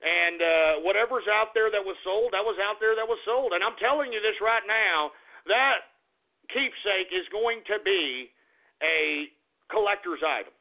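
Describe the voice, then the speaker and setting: A man's voice: high-pitched, measured pace. A man hosting a rowdy call-in radio show, boisterous, whooping and laughing, often swearing. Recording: tinny phone-line sound with faint music.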